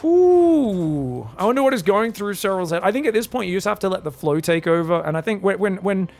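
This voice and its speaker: High-voiced excitable male game caster. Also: fast talker, gravelly, soft background music. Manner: excitable, jokey, rambling asides. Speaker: esports caster. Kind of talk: live game commentary.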